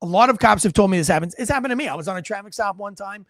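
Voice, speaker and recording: Male host with a high voice and a blunt, crude, joking rant style, recorded dry. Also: expressive, racing, fairly bright tone, no room sound. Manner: blunt, profane, wisecracking, reads chat aloud. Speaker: livestream show host and military veteran. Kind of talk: unscripted ranting commentary.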